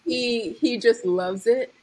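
A woman's voice: fairly high pitch, takes it slowly, crowd noise, poor audio. A woman co-hosting a podcast in casual chat, playful, laughing and repeating words. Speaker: podcast co-host.

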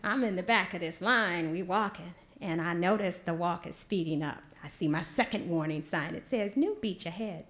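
A woman, telling a personal story on stage in an animated, vernacular way. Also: lowish voice, normal speed, few pauses. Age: 40s. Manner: animated, vernacular, acts out quotes loudly. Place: stage before an audience.

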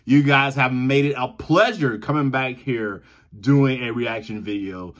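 A man's voice: medium pitch, unhurried, a bit bright. A man from the American South with a Southern accent, chatting enthusiastically to his viewers as a reaction video host, repeating himself and laughing often. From Southern United States. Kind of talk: casual direct-to-camera chat.

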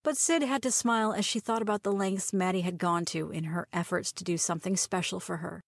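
A woman's voice: fairly low pitch, fairly quick, dry recording. Woman narrating a romance story, dry sound. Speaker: audiobook reader.

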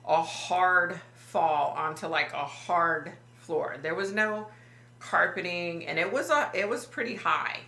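A woman psychic vlogger retelling a dream in a halting, emotional way, full of fillers and restarts. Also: lowish voice, sharp tone, roomy sound. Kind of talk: personal vlog storytelling.

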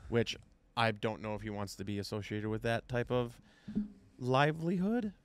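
A man co-hosting a casual podcast, ribbing his partner in a deadpan teasing way. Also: mid-range voice, moderate pace, smooth. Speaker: podcast co-host. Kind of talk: casual chat.

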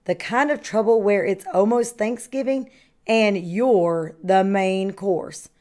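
A woman kindergarten teacher reading a picture book aloud to children with slow, expressive storytelling. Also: mid-range voice. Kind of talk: children's read-aloud narration.

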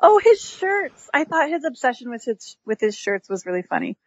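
A woman who is a guest on a casual movie podcast, agreeable and quick to affirm what others say. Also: high-pitched, big pitch swings, no room sound, highs cut off. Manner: agreeable, lots of affirming interjections.

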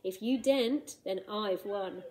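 Storybook read-aloud: a woman reading as a calm, unshakable male iron giant, firm and plain, mellow tone. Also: medium pitch, a little slow, close to an everyday voice. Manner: firm, matter-of-fact. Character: steadfast giant male iron robot hero.

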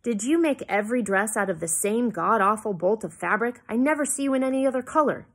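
A woman voicing a stern, weary old-fashioned doctor father who scolds his daughter, with a breathy voice. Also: fairly high pitch, lively intonation, a little fast. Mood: scolding.

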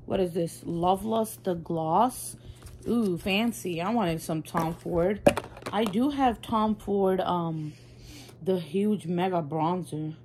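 A woman beauty vlogger chatting casually through a makeup haul, gushing and excitable. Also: on the low side, slow, noisy background.

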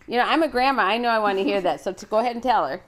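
A woman's voice: fairly high pitch, rapid-fire. Chatty grandmotherly woman host. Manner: chatty, encouraging, reads out viewer greetings; frequent fillers and restarts. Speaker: host of a children's cooking show. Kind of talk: live online cooking show chat.

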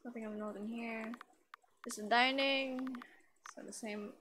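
A woman live-streaming a game, chatting playfully and reading the lines aloud. Her voice sits a little high. A faint hiss runs under the recording. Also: steady tone, measured pace, bright, forceful tone. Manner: chatty, playful, giggly asides.

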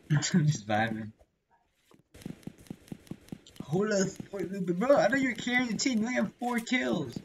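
A gaming creator doing casual let's-play commentary, excitable and slangy, blurting reactions and yelling at other players. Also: mid-range voice, brisk, slight background noise. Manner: slangy gamer talk.

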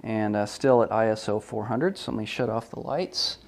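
A man's voice: fairly low pitch, moderate pace. A man giving a hands-on product photography tutorial, talking through each step casually and correcting himself as he goes. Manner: relaxed, thinking aloud with frequent ums and self-corrections.

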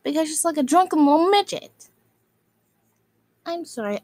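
A woman's voice: high voice, expressive, moderate pace, darkish tone. A woman delivering an angry, scolding rant at other video makers, insulting them and circling back to the same phrases. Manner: scolding, insulting, repeats itself.

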